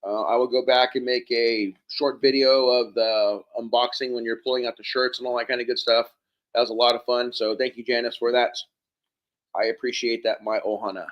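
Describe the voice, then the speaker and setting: A man hosting a live stream, hoarse from hours of talking, thanking viewers one by one by name. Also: mid-range voice, flat delivery, fairly quick, dull audio. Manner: thanks viewers by name, rambling and warm-hearted. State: hoarse, losing his voice. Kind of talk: casual live stream chat.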